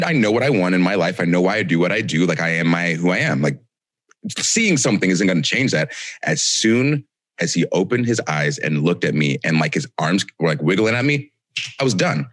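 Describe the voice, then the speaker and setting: On a podcast, a male co-host with a deep, expressive, slightly bright voice muses in a rambling, reflective way, restarting his sentences often. The talk is casual chat at a fairly quick pace, and the recording is dry.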